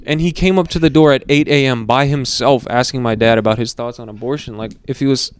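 A young adult man in a casual podcast chat, telling animated stories full of swearing and filler words. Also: medium pitch, fast talker, hardly any pauses, a little hiss or hum. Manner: animated storytelling, heavy swearing, many fillers.

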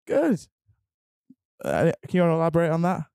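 A young man hosting a casual podcast chat, playful, laughing often and filling pauses with ums. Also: fairly high pitch, huge pitch swings, gravelly, dark tone, clean tone, dry recording, studio quality. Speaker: podcast host.

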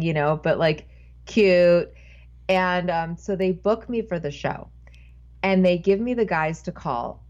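A woman's voice: mid-range voice, darkish tone. A woman guest tells a long story in loose, casual talk. She keeps breaking off and starting her sentences again. The recording sounds slightly dull and lo-fi. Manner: rambling, self-interrupting storyteller. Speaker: podcast guest. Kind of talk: casual anecdote telling.

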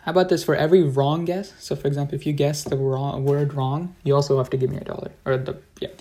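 A man's voice: a little high, little pitch movement, fast talker, dark tone. A teenage boy chatting casually over a video call, easygoing with dry jabs at his friend. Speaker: co-host. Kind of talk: casual game chat.

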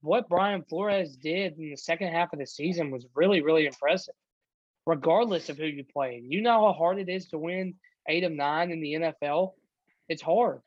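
A man's voice: a little high, moderate pace, dry recording, highs cut off. A man co-hosting a casual sports podcast, rambling with frequent ums and restarts. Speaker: podcast co-host.

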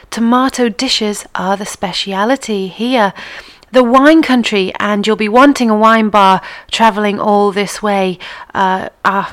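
A woman hosts a radio show in a chatty, upbeat way and keeps turning to her listeners with questions. Her voice sits at an everyday middle pitch for a woman and sounds relaxed and conversational. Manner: chatty and enthusiastic, addresses listeners directly. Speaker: radio presenter. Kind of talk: casual radio chat with travel tips.

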